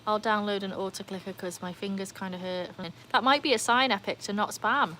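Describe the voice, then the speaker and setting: A young British woman hosting a live stream, chatting casually with viewers and breaking into high cheering whoops. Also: brisk, bright, forceful tone, a little hiss or hum. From United Kingdom. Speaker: livestream host.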